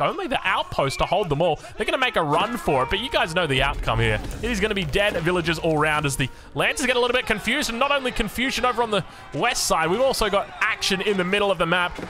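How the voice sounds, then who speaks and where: A young man with an Australian accent, casting a strategy game with jokey, rambling asides. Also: sits high. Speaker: game caster. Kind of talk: game commentary with chatty asides.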